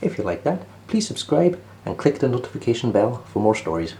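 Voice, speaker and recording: Guy reading a kids' picture book out loud, really animated, bit of soft hiss behind. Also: mid-range voice, a little fast. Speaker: children's story narrator. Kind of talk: read-aloud storytelling.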